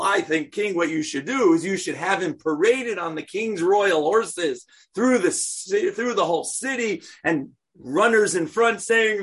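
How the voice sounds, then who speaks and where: A man's voice: high voice, breathy edge. A man voicing a smug, scheming royal adviser who is full of himself. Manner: self-satisfied, flustered when caught.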